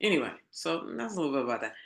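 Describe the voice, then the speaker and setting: A woman's voice: low-pitched, very animated, very fast, vocal fry. A woman coach giving a casual motivational monologue, emphatic and preachy, swearing and calling her viewers girl. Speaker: spiritual coach. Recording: echoey room.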